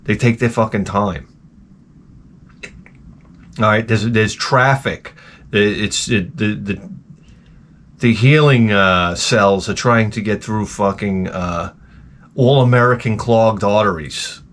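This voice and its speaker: A man's voice: lowish voice, takes it slowly, pauses often. A middle-aged man, ranting in a rambling, profane comedic monologue. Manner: rambling, profane, animated storytelling. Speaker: comedic host.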